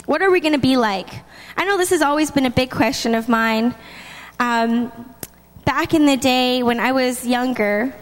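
A woman preaching a sermon in a lively, chatty way. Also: high-pitched, moderate pace. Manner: lively, chatty, laughs between points. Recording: long hall reverb.

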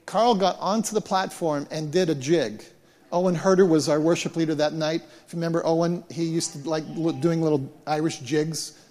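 A man preaching as a pastor, retelling events in an animated way and often repeating words as he restarts. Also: fairly high pitch, normal speed. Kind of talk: sermon storytelling. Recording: long hall reverb.

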